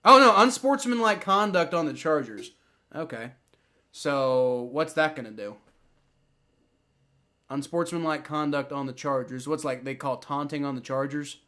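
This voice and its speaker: A man giving excitable live play-by-play reactions to a football game, swearing and repeating himself often. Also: a little high, unhurried.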